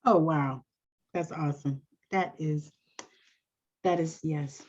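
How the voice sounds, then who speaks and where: Husky-voiced woman host, lo-fi sound. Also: low voice, fairly even intonation, slow pace. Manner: warmly affirming, exclamatory reactions. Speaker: podcast host. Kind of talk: casual interview. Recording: dull lo-fi sound.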